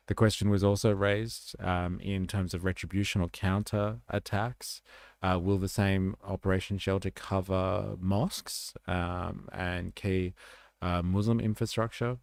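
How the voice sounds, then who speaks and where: A man's voice: low-pitched, vocal fry, darkish tone, dry recording, clean studio sound. An Australian man hosting a livestream, rambling casually and swearing as he reacts to news. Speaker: livestream host. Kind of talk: casual commentary stream.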